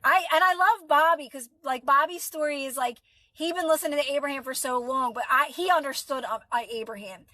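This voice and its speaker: Philly woman chatting on a live, high bright voice, dry close sound, answering comments and reassuring folks. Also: brisk, no room sound. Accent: Philadelphia. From Philadelphia. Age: adult. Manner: chatty, reassuring, talks to viewers by name. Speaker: manifestation coach livestreaming. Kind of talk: casual livestream chat answering comments.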